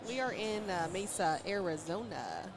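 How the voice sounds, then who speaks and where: A woman's voice: mid-range voice, lively intonation, normal speed. An American woman doing casual, teasing play-by-play commentary at a cornhole tournament, laughing often. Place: tournament venue. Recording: noisy event venue.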